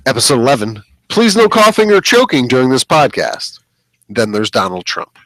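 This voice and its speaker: A man's voice: mid-range voice, big pitch swings, normal speed, fairly bright tone, no room sound. A man co-hosting a podcast, telling rambling stories in casual chat and laughing often. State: hiccuping.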